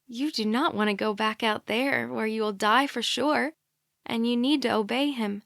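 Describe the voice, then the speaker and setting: A woman voicing an eerily calm brainwashed sister. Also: a little high, normal speed, creaky, no room sound, clean studio sound. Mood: flat insistent. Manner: light, monotonous, robotic.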